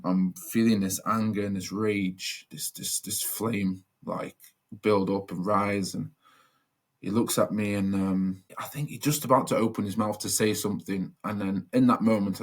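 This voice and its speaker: A man's voice: on the low side, steady tone, normal speed. A young man telling a personal story as a podcast guest, earnest and reflective, with many fillers and restarts.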